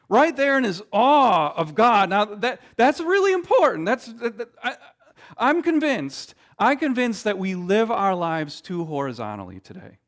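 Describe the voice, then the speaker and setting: A man preaching a sermon, emphatic, with dramatic pauses and frequent restarts. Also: high voice, fairly bright tone. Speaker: pastor.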